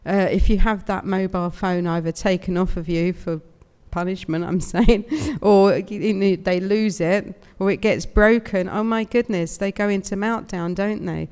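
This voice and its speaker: This guest speaker at a spiritualist service is a British woman of roughly fifty from the United Kingdom, giving a chatty, emotional, inspirational talk with lots of laughter. Her mid-range voice is clear, resonant, and a little mellow, fairly even in intonation, at normal speed with few pauses. The live room of the large indoor hall adds long reverb.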